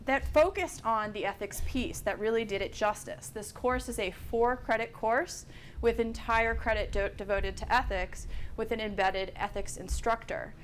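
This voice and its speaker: A woman presenting at a conference workshop, speaking in a measured way with frequent hesitations. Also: a little high, slight background noise. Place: conference room.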